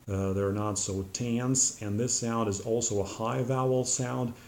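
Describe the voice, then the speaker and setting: A man teaching English pronunciation in a patient, methodical way, pausing often with "uh" as he explains at a whiteboard. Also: medium pitch, steady tone, darkish tone. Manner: patient, methodical, frequent "uh" pauses. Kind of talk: explanatory lesson to camera. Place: room with a whiteboard. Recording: echoey room, faint ambient noise.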